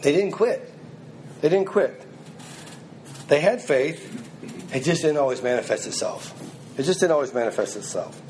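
A man's voice: fairly high pitch, lively intonation, moderate pace, pauses often, darkish tone, slight background noise, low-quality recording. A man preaching a sermon, reading scripture aloud and then pressing it on his listeners in an earnest, emphatic way.

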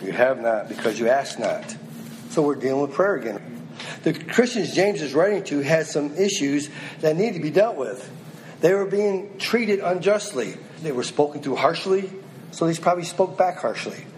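A man's voice: a little high, slight background noise, poor audio. Man preaching a fervent sermon. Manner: reads scripture then exhorts directly, rising and pressing.

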